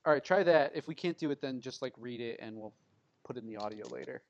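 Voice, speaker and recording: A man's voice: medium pitch, fast talker, dull audio. A man hosting a casual podcast, talking in a dry, wry way. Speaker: podcast host.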